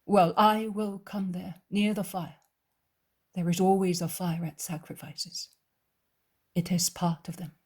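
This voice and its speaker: Jesus, soft and tender, slow and breathy, read by a woman. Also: lowish voice, flat delivery. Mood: coaxing. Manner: soft, hushed, tender speech. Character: gentle, compassionate male Jesus, calm and loving.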